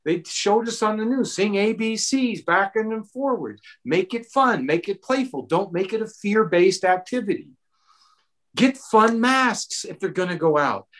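A middle-aged man answering a question at a town hall, earnest and animated, giving parenting advice with personal stories. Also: high-pitched, a little slow. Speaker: mental health expert.

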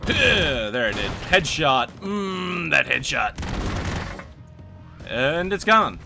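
A man hosting a let's play, excitedly commenting on the action and muttering to himself between outbursts. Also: a little high, slow pace, vocal fry. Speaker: gaming video host. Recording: game music and gunfire behind.

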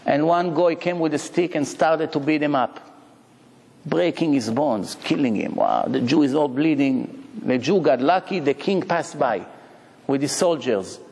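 Rabbi man giving a sermon, storytelling style, bit high voice, echoey hall. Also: a little slow, vocal fry, husky. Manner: animated storytelling with rhetorical questions. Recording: long hall reverb.

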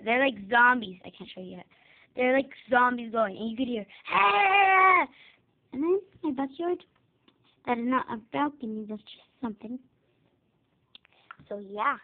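A young girl chatters through a casual room tour in her bedroom, rambling and excitable with a fairly high voice. The sound is tinny and lo-fi, like cheap home camera audio. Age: child. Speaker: vlogger giving a room tour. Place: child's bedroom, indoors.

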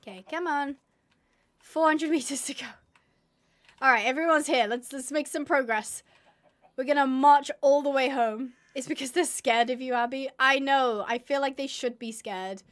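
A woman's voice: sits high, moderate pace, a bit bright. A woman streaming a game live, chatting and mocking herself as she talks to her animals. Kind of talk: live gameplay commentary.

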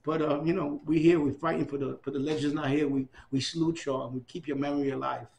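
A man in his fifties in an oral history interview, talking in an excitable, repetitive way and giving out many shout-outs. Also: on the high side, fast, vocal fry. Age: 50s.

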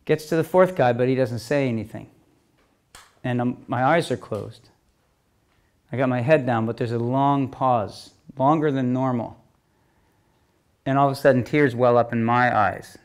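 A man's voice: mid-range voice, normal speed, pauses often. Man telling stories, checking in often. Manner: keeps checking in with "okay?" and "you know?"; re-enacts exchanges as quoted dialogue. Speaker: speaker telling stories to an audience. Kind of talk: conversational storytelling talk.

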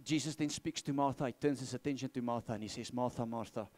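A man's voice: mid-range voice, fast talker, darkish tone. A man preaching a sermon in a church. He repeats his key phrases and asks the congregation to respond. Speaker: pastor.

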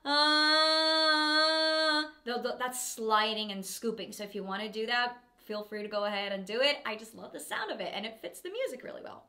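A woman's voice: medium pitch, expressive, quick pace, few pauses, pushed and bright. A woman who is a vocal coach, giving an upbeat and encouraging singing lesson.

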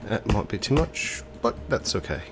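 A man's voice: on the low side, sing-song, normal speed. A man with a stuffy, congested nose, commentating a video game in a put-on English accent and hesitating with ums and self-corrections. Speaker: let's play host.

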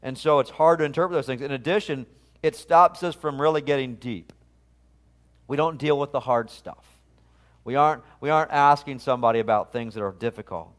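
A man's voice: medium pitch, a little fast. A man, a pastor, preaching a sermon in an earnest, conversational way, often restarting his phrases. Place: church sanctuary.

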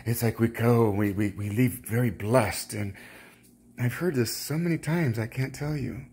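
A man speaking as a self-styled prophet in a rambling religious monologue, fervent and halting, with many restarts. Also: mid-range voice, a little mellow, slightly rough.

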